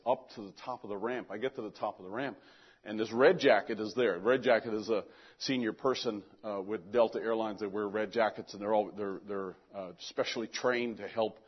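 A man's voice: mid-range voice, slightly rough, highs cut off. An older man telling a personal story in a casual, rambling way, often repeating words as he goes.

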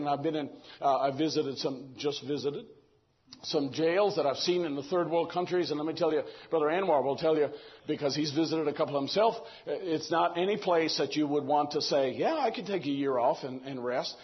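An older man preaching a sermon, animated and acting out the voices he quotes. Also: fairly high pitch, brisk, highs cut off.

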